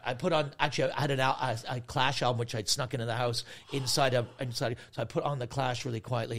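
A man in his forties telling a story on a podcast, laughing often and acting out other people's voices. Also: medium pitch. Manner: animated, laughing, acts out voices. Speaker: comedian guest. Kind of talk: casual storytelling.

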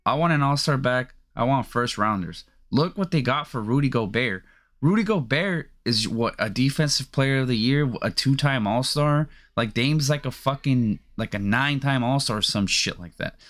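A man's voice: medium pitch, animated, normal speed, a bit bright. Profane, heated young man ranting. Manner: profane, heated, rambling with many fillers. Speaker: podcast host. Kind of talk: casual sports podcast rant.

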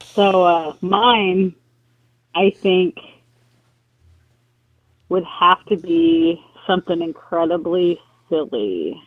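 High-voiced man on a dull, lo-fi mic. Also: drawn-out words, pauses often, no room sound. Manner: easygoing, asks the questions, chuckles. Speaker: podcast co-host. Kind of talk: casual chat.

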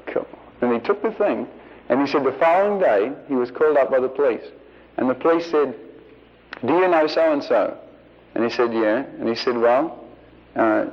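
A man preaching in an anecdotal way, slipping into the voices of the people in his stories. His voice sits at an ordinary middle pitch. The recording is dull and lo-fi, like an old archive tape. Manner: anecdotal, acts out quoted voices. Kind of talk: sermon storytelling.

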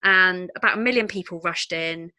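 Frank, bright-voiced woman telling a story. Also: on the low side, no echo. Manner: frank, expressive, quick asides. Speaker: podcast guest, entrepreneur. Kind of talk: candid personal storytelling.

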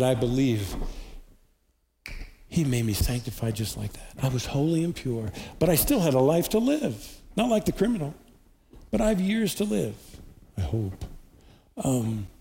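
A man giving a sermon as pastor, earnest, with slow emphatic repetitions. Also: medium pitch, dark tone. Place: church hall. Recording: distant reverberant hall recording with faint noise.

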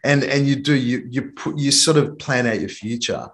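A man's voice: medium pitch, normal speed, a bit bright. A man who works as a men's coach, talking candidly as a podcast guest and retelling events frankly and animatedly. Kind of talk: candid conversational storytelling.

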